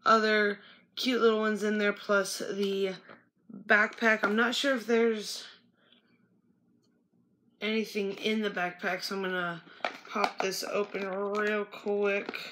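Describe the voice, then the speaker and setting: A woman's voice: medium pitch, background noise. A young woman chatting casually as she unboxes small toys at a relative's house, muttering to herself now and then as she sorts the pieces. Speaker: toy unboxing vlogger.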